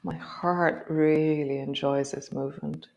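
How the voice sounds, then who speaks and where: Low-voiced woman guiding yoga, slow and gentle. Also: steady tone, gravelly, muffled recording. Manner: slow, gentle spoken cues. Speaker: yoga teacher.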